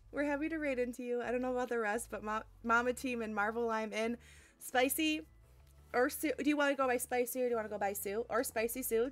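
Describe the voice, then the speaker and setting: A woman streamer chatting casually with her live audience, bubbly and giggly, thanking viewers warmly. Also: fairly high pitch. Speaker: game streamer. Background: faint lo-fi music.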